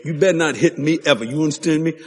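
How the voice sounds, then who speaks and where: A man's voice: a little high, racing, darkish tone, pitched below the performer's own voice, close to an everyday voice. A man quoting his wife as a stern, scolding middle-aged woman, in a hall with long reverb. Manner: stern, warning.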